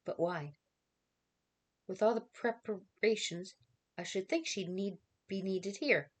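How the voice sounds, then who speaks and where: A woman's voice: medium pitch, takes it slowly. A woman reading aloud as a prying villager who asks probing questions in a raised voice.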